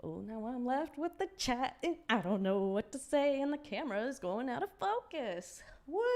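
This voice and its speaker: A woman co-host who talks slowly and easily during a casual livestream chat. Her voice rises and falls a lot, and she giggles often. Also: high-pitched, big pitch swings, darkish tone. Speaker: podcast co-host.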